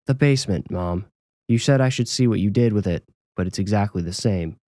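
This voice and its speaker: A man's voice: fairly low pitch, fairly quick, dark tone, dry recording, lightly acted. A man voicing a wary adult son in a horror story, close to his own voice. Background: music.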